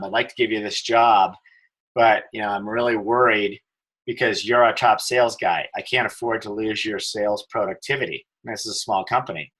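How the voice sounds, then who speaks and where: Bright-voiced middle-aged man telling stories. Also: on the low side, poor audio. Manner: animated storyteller, many fillers and restarts. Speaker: podcast guest, telecom executive. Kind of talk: casual interview storytelling.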